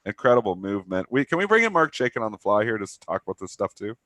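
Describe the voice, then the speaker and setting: Man, thirties, stuffy from a cold, low voice, dry close mic, animated trading talk. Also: dry recording. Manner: animated, rapid trader talk. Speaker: co-host of a trading talk show. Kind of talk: casual live market chat.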